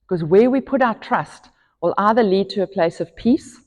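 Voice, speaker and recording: A woman's voice: medium pitch, normal speed, darkish tone. Woman preaching in a church hall. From South Africa. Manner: earnest preaching, rising emphatic for scripture. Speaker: pastor. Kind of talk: sermon.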